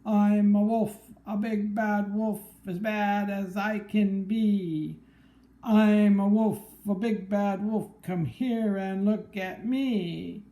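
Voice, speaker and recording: A woman voicing a boastful big bad male wolf in a storybook, shouting his brags. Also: mid-range voice, steady tone, slow pace, echoey room. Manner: loud, bragging shouts.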